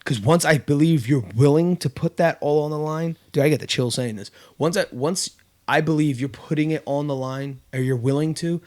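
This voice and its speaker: A man's slightly high, slightly mellow voice moves at a normal speed as he hosts a casual podcast chat. An adult with kids, he tells a story with many fillers and restarts.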